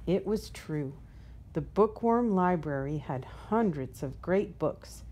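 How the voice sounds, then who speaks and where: A woman reading a children's picture book aloud in a gentle, unhurried storytelling manner. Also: lowish voice, lively intonation. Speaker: storybook reader.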